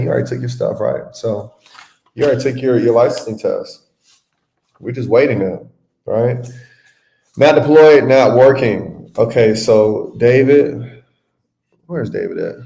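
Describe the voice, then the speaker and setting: A man with a mid-range, dark voice and vocal fry hosts a live webinar as an adjusting mentor from a room at home, the audio roomy like a typical livestream. He teaches casually, chatting with viewers, calling them by name, and saying "y'all."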